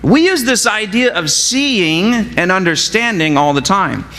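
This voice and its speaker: A male pastor preaches to his congregation in a high, very expressive voice that swings up and down. He keeps asking the room questions. His words ring with the long reverb of a church hall. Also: unhurried. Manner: animated, asks the congregation questions. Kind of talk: sermon. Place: church sanctuary.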